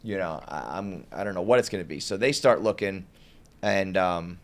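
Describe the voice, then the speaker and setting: A man's voice: low-pitched, expressive, moderate pace. A young man telling a long, rambling story on a podcast, full of "like" and laughing at his own tale.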